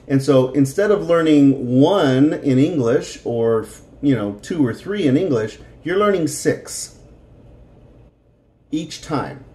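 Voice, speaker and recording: A man's voice: medium pitch, dark tone, reverberant. A middle-aged man teaching a Spanish lesson, patiently explaining grammar and repeating words for practice.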